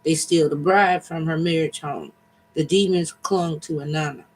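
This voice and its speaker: A man reading an ancient poem aloud, deliberate and slowing at key lines. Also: fairly high pitch, steady tone, a little hiss or hum, low-quality recording. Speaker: reader.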